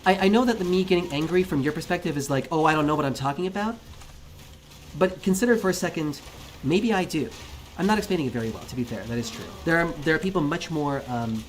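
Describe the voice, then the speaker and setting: A man livestreaming, arguing heatedly with his chat in a casual, profane rant. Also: on the high side.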